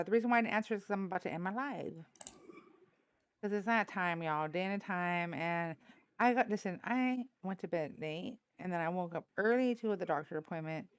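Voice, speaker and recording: A woman's voice: medium pitch, smooth, no echo, highs cut off. A tired woman from Texas with a Texan accent, hosting a casual political livestream in a blunt, outspoken, slangy way. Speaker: livestream host.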